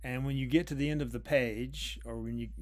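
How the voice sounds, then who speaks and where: A man giving an unscripted lecture on poetry, thoughtful and careful, often pausing and restarting his phrases. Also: medium pitch, fairly even intonation. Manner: thoughtful, with frequent restarts and drawn-out pauses.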